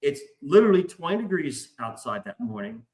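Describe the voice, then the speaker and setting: Middle-aged male podcast host, raised pitch, excitable, profane, chatty storyteller. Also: brisk. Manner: excitable, heavy swearing. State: stressed, hyped up. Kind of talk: casual storytelling.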